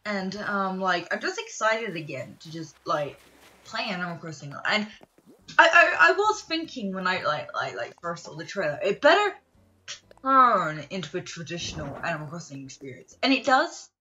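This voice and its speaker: A young woman streamer rambling in casual chat, excitable, with lots of fillers and laughs. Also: on the low side, moderate pace. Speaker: gaming streamer.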